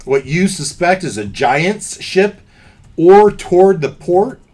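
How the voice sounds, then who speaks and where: Slow-paced man narrating as game master. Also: high voice, animated, a little mellow.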